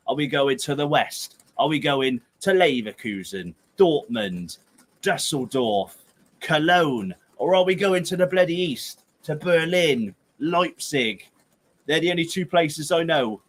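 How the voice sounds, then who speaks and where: A man's voice: mid-range voice, a bit bright. A young man with a Gloucestershire and Herefordshire accent hosts a football livestream. He chats casually and reads out viewer comments. He jokes, rambles, sounds tired and breaks into playful outbursts. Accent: Gloucestershire/Herefordshire English. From England.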